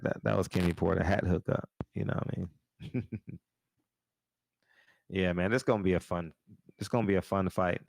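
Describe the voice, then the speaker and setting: A man's voice: sits low, gravelly, no echo. A man hosting a live call-in show, talking in a laid-back, slangy way and laughing often. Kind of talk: casual live-stream chat.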